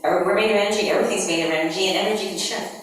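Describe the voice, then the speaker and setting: Her mid-range voice holds a steady tone even as she races along, leading a group energy workshop with upbeat, conversational explanations for a large audience. The live session takes place in a large conference hall, heard from far off with plenty of echo.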